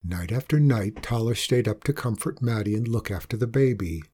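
A man reads a folk tale aloud, slow and expressive. His voice is dark and mellow with a husky grain to it. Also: lowish voice. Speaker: storyteller. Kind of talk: scripted storybook narration.

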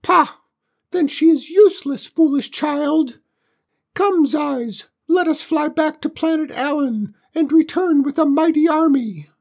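A squeaky, self-important little alien invader barks grand orders in a storybook reading. The voice sits very high and louder than the narration, with an indignant swing, and the reading drifts along unhurried. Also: female voice, vocal fry. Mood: pompous. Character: tiny pompous purple alien invaders. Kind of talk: storybook character voice.

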